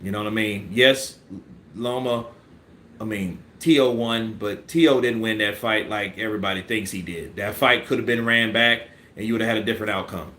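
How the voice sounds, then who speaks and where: A man's voice: fairly low pitch, moderate pace, roomy sound, a little hiss or hum. A man giving casual, profane boxing commentary on a live stream, acting out punch combinations. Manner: animated, profane, acts out punch sequences.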